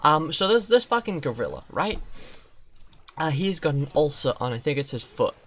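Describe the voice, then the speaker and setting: Game streamer, casual rant, lots of swearing, self-mocking, lively pitch. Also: normal speed. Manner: profane, ranting, self-mocking.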